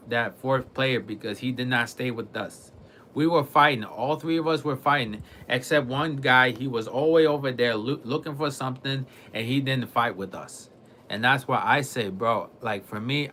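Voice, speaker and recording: A man's voice: mid-range voice, sharp tone, slight background noise. A man giving a casual monologue for his gaming vlog, rambling, repeating himself and restarting his sentences. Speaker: gaming vlogger.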